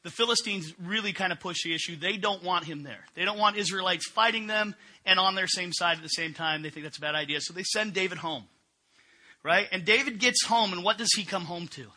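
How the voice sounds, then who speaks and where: A middle-aged pastor preaching with a very bright, forceful voice pitched a little high. He talks in a loose, conversational way, tossing questions out to the congregation as he goes. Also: fairly quick. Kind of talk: sermon.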